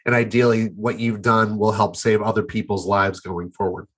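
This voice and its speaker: A man interviewing a guest, asking questions in a gentle, supportive way. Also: fairly low pitch, level tone, normal speed, breathy edge.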